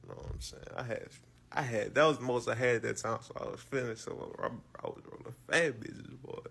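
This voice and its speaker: A man's voice: medium pitch, a little fast, gravelly, fairly bright tone, breathy edge. A man casually telling a personal story, loose and profane, with lots of fillers and repeated words.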